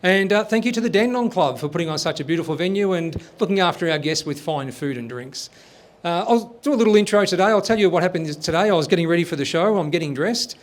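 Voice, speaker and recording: A man's voice: sits high, animated, fast. A man hosting a live comedy show, upbeat and thankful as he introduces segments. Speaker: host. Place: club venue with live audience.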